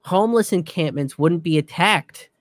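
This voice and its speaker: A man giving a casual, profane commentary rant in an animated way. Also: on the high side, moderate pace, no echo, clean studio sound.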